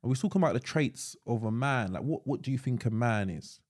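Questioning man, lively voice. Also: mid-range voice, quick pace. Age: young adult. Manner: probing questions, hesitant with ums. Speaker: podcast co-host. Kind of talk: casual chat.

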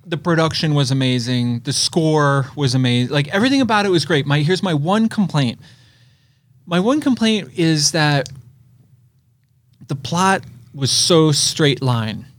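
A man co-hosting a casual movie chat, opinionated and animated as he lays out his take. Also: fairly high pitch, measured pace. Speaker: co-host.

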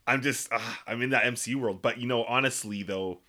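A man's voice: mid-range voice, brisk. An enthusiastic man co-hosting a podcast, chatting casually. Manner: enthusiastic, excitable. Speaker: podcast co-host. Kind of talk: casual chat.

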